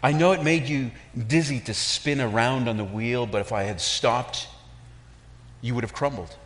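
A man voicing a patient potter who calmly explains why he shaped his clay, told within a sermon story. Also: medium pitch, normal speed, close to an everyday voice. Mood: reassuring. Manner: calm, reassuring explanation. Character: patient, calm male potter shaping clay.

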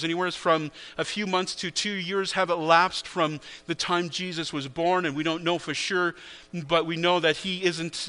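A man's voice: fairly high pitch, bright, forceful tone, clean tone. A man preaching a sermon, retelling a story earnestly and often restarting his sentences. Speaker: pastor. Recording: long reverb of a large hall.

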